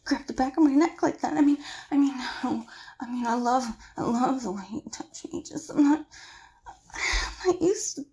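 A woman's voice: sits high, moderate pace, a little mellow, slightly rough. A woman playing a frightened young woman in an audio role-play drama, pleading with a possessive captor. She stammers and drops into whispers. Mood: anxious.

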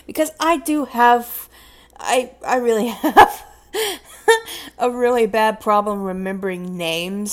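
A young woman with a Southern US accent, chatting casually as she answers question prompts, rambling, correcting herself and laughing, sometimes dropping to a whisper. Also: medium pitch. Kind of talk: casual chat.

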